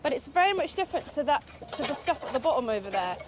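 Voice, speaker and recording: A woman archaeologist explaining finds at an outdoor dig site, brisk and pointing things out. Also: sits high, big pitch swings, noisy background.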